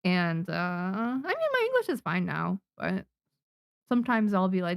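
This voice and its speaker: A chatty woman from Japan whose first language is Japanese talks to her stream viewers while working on manga designs. Her pitch swings freely as she gets excited, and the sound is dry and close with no room around it. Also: gravelly, clear, resonant tone, no room sound. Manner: chatty, excitable, quick to laugh. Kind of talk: casual live-stream chat while drawing.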